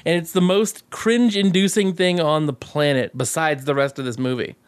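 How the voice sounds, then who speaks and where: A man with a slightly high voice talks through an old movie's plot in loose, casual podcast chat. He is sarcastic and profane, and he laughs often. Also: steady tone, normal speed, clean tone. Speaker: podcast co-host.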